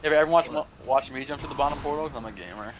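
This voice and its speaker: A man's voice: medium pitch, very fast, noisy background. A man calling out plays and teasing his friends during a team game. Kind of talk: casual gaming banter.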